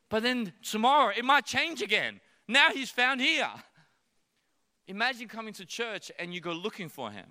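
A man in his thirties preaches from a church stage, his voice pitched high and ringing very bright. He tells his story playfully, slipping into little voices, and each phrase trails off into a long reverb in the hall. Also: sing-song, normal speed. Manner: playful, acts out voices of his child and God. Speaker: pastor. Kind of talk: sermon.

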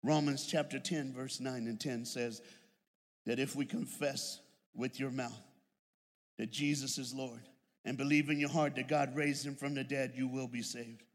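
A man preaching a sermon, building from plain storytelling into shouted, drawn-out fervor, with humorous asides. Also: mid-range voice, fairly even intonation. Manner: humorous storytelling with put-on voices. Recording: long hall reverb.

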